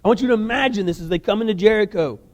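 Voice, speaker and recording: Animated high-voiced preacher. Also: male voice, very fast, long reverb tail. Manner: animated storytelling with casual asides. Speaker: guest preacher. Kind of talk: sermon.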